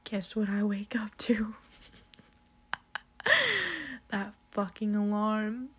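A woman's voice: mid-range voice, level tone, a little mellow, breathy edge. A young woman telling a casual, profanity-laced story, laughing often as she talks. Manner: slow, drawn-out delivery with frequent swearing and laughter.

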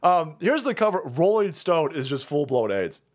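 A man ranting on a stream in a high voice that swoops wildly up and down. He swears constantly, laughs at his own jokes and mocks people by mimicking them. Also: sing-song, normal speed. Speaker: streamer host. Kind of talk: profane ranting commentary stream.

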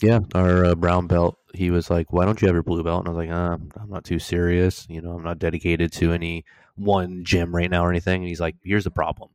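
A man's voice: low-pitched, flat delivery, fairly quick, darkish tone, dry recording. A young man co-hosting a podcast, telling stories animatedly, swearing and laughing as he goes. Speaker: podcast co-host. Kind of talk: casual storytelling chat.

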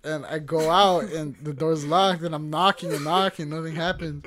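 Young male podcast co-host with a slightly high voice, who swears freely and laughs through his stories. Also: fairly even intonation, normal speed, a bit bright, slight background noise. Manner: profane, laughing storyteller. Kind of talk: casual chat.

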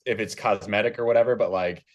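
A man's voice: lowish voice, steady tone, fast talker. A man co-hosting a podcast, rambling casually and repeating himself. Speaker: podcast co-host. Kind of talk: casual chat.

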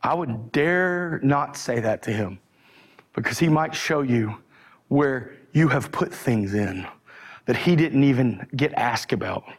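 A man's voice: medium pitch, measured pace, slightly rough. A man preaching a sermon, fervent at times and conversational at others. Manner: shouting and fervent, then calmer and conversational.

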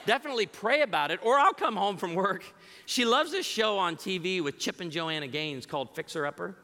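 Animated male preacher in a reverberant hall. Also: high-pitched, a little hiss or hum. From Chicago area, United States. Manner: animated storytelling, acting out quoted voices. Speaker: guest speaker. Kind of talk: humorous church message. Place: large church auditorium.

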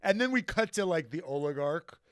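A man's voice: on the high side, expressive, a little fast, clear, resonant tone, dry recording, studio quality. A man co-hosting a casual podcast chat, joking and swearing with frequent restarts. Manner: profane, joking, stumbling restarts. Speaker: podcast co-host.

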